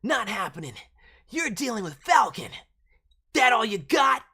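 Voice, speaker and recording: A woman's voice: a little high, very animated, a little slow, sharp tone, slightly rough, pitched above the performer's own voice, exaggerated voice. A woman voicing a cocky, confident teenage boy ninja who taunts his opponents. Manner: taunting and boastful.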